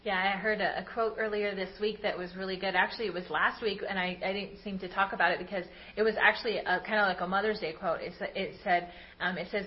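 A woman co-hosting a church service, chatting warmly and sharing a quote in an easy, conversational way. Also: medium pitch. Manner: affirming, shares quotes casually. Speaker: co-host. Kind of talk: conversational sermon. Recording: slightly dull audio.

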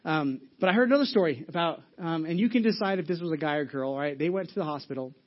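A man's voice: fairly high pitch, lively intonation, fast, lo-fi sound. A man preaching a sermon as pastor, telling a story casually with many restarts and asides. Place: church.

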